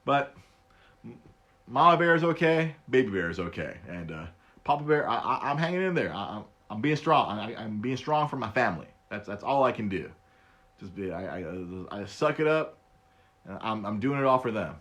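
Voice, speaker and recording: A man in his thirties hosting a casual solo podcast, laughing often, stammering and repeating words, and jumping his voice high for quoted bits. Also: big pitch swings, normal speed, fairly bright tone. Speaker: podcast host.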